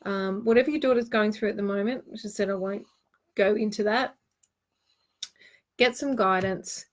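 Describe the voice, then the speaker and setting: A woman hosts a live online card-reading show and talks through each card in an earnest, reassuring way. Her voice sits in a medium pitch, and she keeps stopping for ums and restarts as she works out her advice. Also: fairly even intonation, moderate pace. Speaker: host and tarot card reader.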